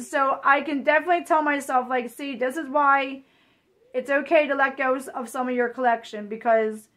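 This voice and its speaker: Breathless and shaky with excitement, a woman gushes over a reborn doll while unboxing it for her vlog. She has a high voice.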